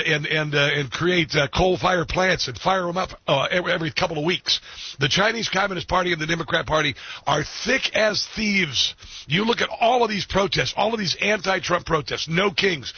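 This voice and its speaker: A male talk radio host delivers a political monologue in a bright, slightly raspy voice, full of "uh"s and restarts. The sound is dry and dull, like lo-fi radio. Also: fairly high pitch, no room sound. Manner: rambling, many fillers and restarts. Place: Washington, D.C.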